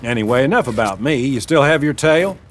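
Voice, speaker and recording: A man's voice: mid-range voice, expressive, a little fast, slight background noise, natural voice. A man voicing a casual, joking exterminator talking on the phone. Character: easygoing male pest exterminator.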